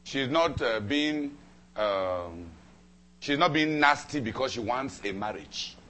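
A man preaching a sermon, telling a personal story with dramatic repetition and emphatic swings between loud and soft. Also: mid-range voice, lively intonation, takes it slowly, a little hiss or hum. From Cameroon. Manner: dramatic, repeats phrases for emphasis.

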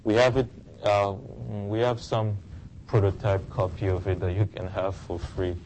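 A man's voice: fairly low pitch, little pitch movement, normal speed, a little mellow, slight background noise, low-quality recording. A male pastor preaching an earnest sermon and leading fervent prayer.

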